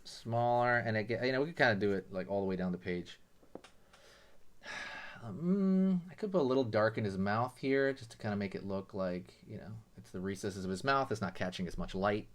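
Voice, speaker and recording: A man's voice: lowish voice, moderate pace. A man hosting a drawing lesson, talking casually and explaining each step with lots of "you know" and "right". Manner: relaxed, chatty, many fillers like "you know" and "right". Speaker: drawing tutorial host.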